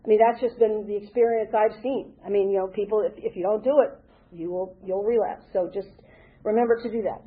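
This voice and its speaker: Husky older woman sharing her story. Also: medium pitch, fairly even intonation, a little fast. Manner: earnest, rambling, with many restarts. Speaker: recovery meeting speaker. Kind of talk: personal share at a recovery meeting. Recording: tinny phone-like recording.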